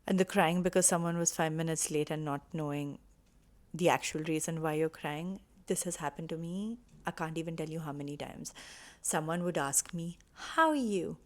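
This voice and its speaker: A woman's voice: low-pitched, darkish tone. A woman talking to camera, earnest and reassuring as she shares personal advice. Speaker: vlogger sharing personal healing advice. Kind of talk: casual heartfelt talk to camera.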